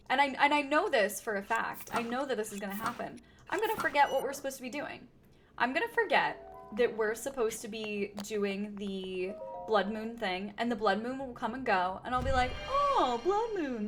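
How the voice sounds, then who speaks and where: Streaming a game, a woman with a fairly bright, high-ish voice chats casually with viewers and thinks aloud. Her throat is slightly sore, and she's sipping tea.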